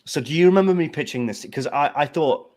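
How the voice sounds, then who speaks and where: A man's voice: a little high, fast, darkish tone. A man hosting a casual livestream, rambling through a story and quoting his own thoughts. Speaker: host, fragrance reviewer.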